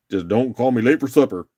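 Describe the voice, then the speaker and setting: A man's voice: medium pitch, mellow. A man hosting a casual live-stream rock auction, upbeat and chatty, calling out bids and laughing often.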